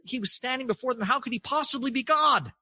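A man's voice: very high-pitched, fast talker, pushed and bright, slightly rough, no room sound. A man preaching a sermon, emphatic and building his point through repeated phrases.

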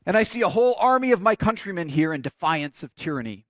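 A man's voice: high-pitched, big pitch swings, fast, no room sound. A man preaching a sermon, quoting a defiant rebel leader as he rouses his army, in his own voice. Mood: rousing. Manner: rousing, declamatory.

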